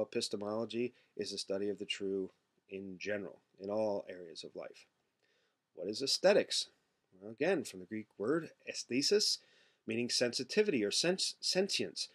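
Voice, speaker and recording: A man giving a philosophy lecture in a class, explaining terms with rhetorical questions and filler words, slowing down to stress key words. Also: mid-range voice.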